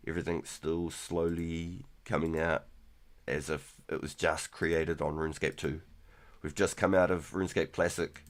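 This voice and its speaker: A man in his thirties casually chatting through a live game stream, relaxed and rambling, with keyboard clicks behind him. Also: a bass voice. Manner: relaxed, rambling, repeats words. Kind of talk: casual gameplay commentary.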